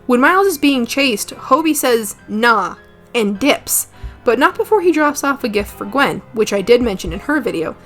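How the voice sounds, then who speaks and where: Woman, casual video essay, chatty, swears, fairly high voice, faint music underneath. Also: animated, normal speed, fairly bright tone. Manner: chatty, swears casually, self-correcting asides.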